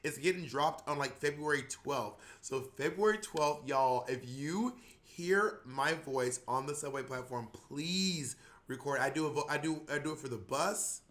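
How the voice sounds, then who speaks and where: Bright animated man, casual chat. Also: fairly high pitch, unhurried. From not from New York. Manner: animated, laughing, acts out voices. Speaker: podcast co-host.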